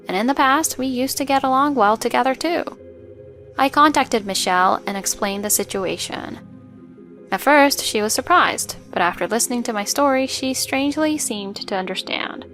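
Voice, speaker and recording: High-voiced woman narrating a story. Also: a bit bright. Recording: faint music underneath.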